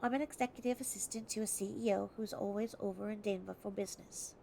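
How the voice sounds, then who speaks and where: A woman's voice: mid-range voice, steady tone, fast, vocal fry, darkish tone, slight background noise, lightly acted. A woman voicing a caring Australian woman in her thirties, reading her heartfelt letter aloud in a put-on Australian accent. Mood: earnest, kind.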